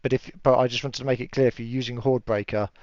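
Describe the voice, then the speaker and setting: A man running a tabletop game as game master, relaxed and chatty, laughing often and yelling enemies' cries in high voices. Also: fast talker, no room sound. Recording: dull lo-fi stream audio, dry.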